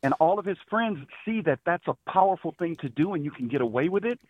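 A man's voice: on the high side, expressive, fast talker. A man calling into a radio show, talking earnestly and critically, restarting his sentences now and then. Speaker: caller. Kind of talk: phone call to a radio show. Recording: tinny phone line.

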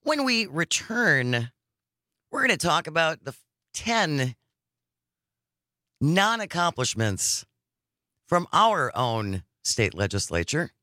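Sarcastic guy hosting talk radio, bright forceful voice, dead dry studio sound. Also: a little high, sing-song, slow pace, pauses often, dry recording. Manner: wry, sarcastic, reads news items aloud. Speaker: radio talk show host. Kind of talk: political talk radio banter. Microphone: studio microphone.

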